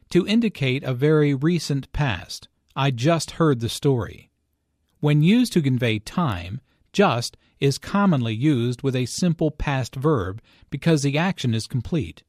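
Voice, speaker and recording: A man narrating an English lesson in a slow, deliberate, explanatory reading. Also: medium pitch, darkish tone, no room sound, clean studio sound. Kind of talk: scripted language lesson narration.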